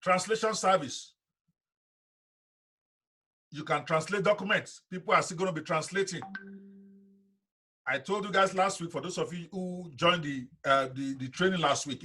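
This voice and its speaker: Husky emphatic man teaching a class. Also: on the high side, moderate pace, pauses often, sharp tone. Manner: emphatic, talks straight to students. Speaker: online business instructor. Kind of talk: live training lecture.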